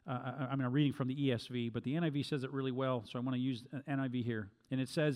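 A middle-aged man giving Bible-based teaching, speaking deliberately and repeating key phrases for emphasis. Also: mid-range voice, steady tone, a little mellow. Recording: long hall reverb.

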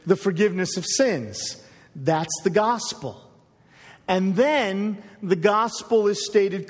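A male pastor preaching a sermon, emphatic and deliberate, slowing down to stress key phrases. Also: high voice. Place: church sanctuary. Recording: long hall reverb.

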